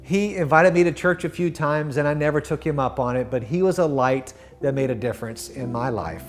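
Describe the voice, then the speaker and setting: Middle-aged guy telling his faith story, kinda high voice, earnest, quiet music under it. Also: fairly quick. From Florida. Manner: earnest and heartfelt, softening to a hush at the end of lines. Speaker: guest sharing his testimony. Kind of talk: personal faith testimony.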